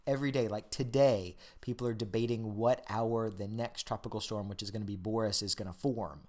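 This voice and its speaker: A man's voice: on the low side, fairly even intonation, a little fast, darkish tone. A man co-hosting a podcast in casual chat, joking and enthusiastic, rambling with restarts. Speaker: podcast co-host.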